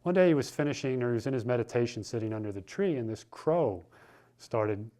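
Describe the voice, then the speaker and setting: A spiritual teacher delivers a sermon built around a story, talking informally and conversationally and often restarting his sentences. His medium-pitched voice is mellow, animated, and fairly quick.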